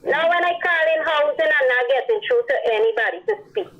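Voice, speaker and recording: A woman's voice: high voice, fast. A woman caller with a Guyanese accent, earnestly rambling about a worrying problem on a call-in show. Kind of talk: call-in radio complaint. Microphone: phone line. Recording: muffled phone line.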